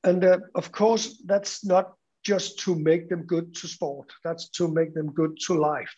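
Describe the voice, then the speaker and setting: A man's voice: fairly high pitch, fairly even intonation, a little slow, darkish tone, dull audio. A man with a Danish accent gives a conference talk about his school, hesitant and full of fillers and restarts. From Denmark. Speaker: school teacher presenting at a conference.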